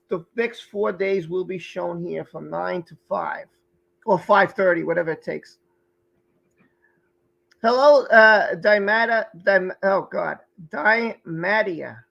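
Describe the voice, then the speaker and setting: A man's voice: high voice, vocal fry, a bit bright, muffled recording. A man hosting a live stream, chatting casually and greeting viewers by name from the chat, sometimes stumbling over their names. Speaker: livestream host.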